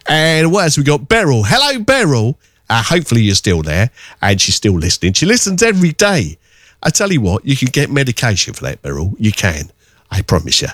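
A man working as a radio DJ, chatting casually and teasing listeners as he sends out shout-outs from a studio microphone. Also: mid-range voice, big pitch swings, a little fast, no room sound. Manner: jokey, teasing, rambling.

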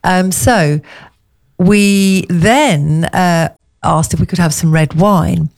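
A middle-aged woman from England spins a gushing, chatty story in easy conversation. Her voice sits fairly low for a woman. She talks like a radio co-host chatting with a friend on air. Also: slow pace, vocal fry, darkish tone. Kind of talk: casual chat.

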